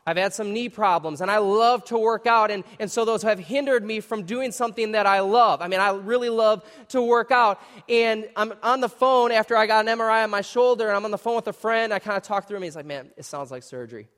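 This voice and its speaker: A man preaching a sermon as a pastor, earnest and emotional, dropping to a hush and then rising into urgent pleading. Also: sits high, steady tone, fairly quick, hardly any pauses. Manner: earnest and emotional, swings between hushed and raised. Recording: hall reverb.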